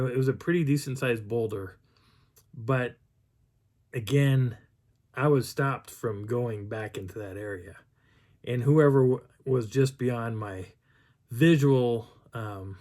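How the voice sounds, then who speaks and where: A man's voice: mid-range voice, darkish tone. Man rambling through a mountain story. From Colorado high country. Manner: rambling with many restarts, acts out quoted voices. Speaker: Bigfoot researcher telling a field story. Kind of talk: casual storytelling.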